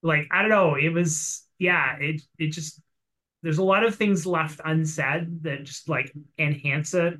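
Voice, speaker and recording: Bright-voiced, rambling man chatting. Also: a little high, unhurried, poor audio. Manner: rambling, animated retelling with quoted voices. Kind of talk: casual chat about a comic.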